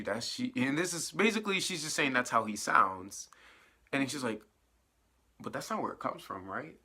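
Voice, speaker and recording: A young man in his late teens giving a casual, animated, profanity-laced spoiler recap of a TV episode. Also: medium pitch. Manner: animated, profane storytelling with fillers. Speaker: TV episode reviewer.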